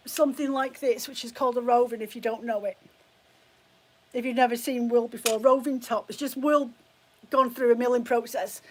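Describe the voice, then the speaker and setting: A middle-aged British woman who runs a fibre shop, chatting bluntly and casually on a live stream and swearing freely. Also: a little high. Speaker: fibre shop owner hosting a live chat.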